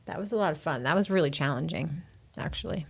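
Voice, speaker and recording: A woman with a somewhat low voice chats casually about favorite workouts. She tells stories in an animated way and laughs easily. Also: fast talker, gravelly, husky. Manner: animated storyteller, laughing often. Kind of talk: casual chat.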